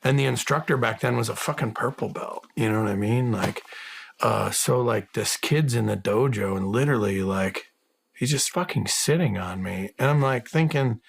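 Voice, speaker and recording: A middle-aged man with a mid-range voice spins a rambling, profanity-laced story as an interview guest. He jumps up in pitch whenever he acts out what people said. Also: normal speed, vocal fry, slight background noise. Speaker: podcast guest, former special forces soldier.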